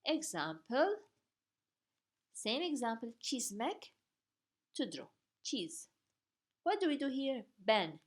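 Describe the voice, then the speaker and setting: A woman teaching a grammar lesson, patiently spelling out each form step by step. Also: a little high. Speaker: language teacher.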